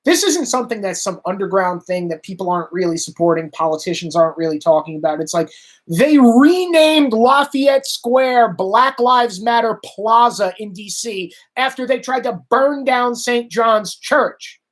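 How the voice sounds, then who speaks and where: A man's voice: high voice, lively intonation, normal speed. A male commentator delivering a political rant. He is sarcastic and exasperated, and he drives home each point by repeating it. His voice swings between mockery and frustration. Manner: emphatic, repetitive.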